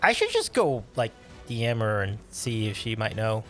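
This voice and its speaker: A man hosting a casual livestream, reading and answering chat with upbeat, animated talk and frequent laughs. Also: fairly low pitch, moderate pace, soft background music. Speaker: livestream host.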